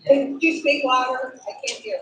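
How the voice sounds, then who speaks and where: A woman's voice: sits high, level tone, normal speed, a bit bright. A woman joining a town board meeting by video call, making brief plain remarks. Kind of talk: casual meeting discussion. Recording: very echoey room, laptop speaker from far, faint noise.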